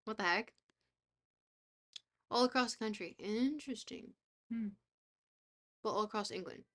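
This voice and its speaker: A young woman streaming a geography guessing game, reacting excitably, swearing freely and talking to her chat. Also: a little high, a little slow. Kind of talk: casual live-stream chat while playing a geography game.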